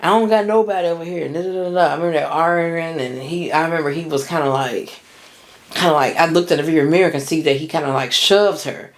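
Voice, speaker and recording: A woman's voice: low-pitched, brisk. A young woman telling a personal story in a casual, rambling way, with lots of restarts and slang.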